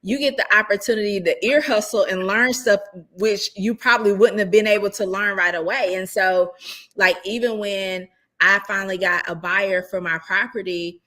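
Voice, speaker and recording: A woman's voice: mid-range voice, steady tone, moderate pace, pushed and bright. A woman speaking as a real estate investor, giving casual, emphatic advice and often checking in with rhetorical questions.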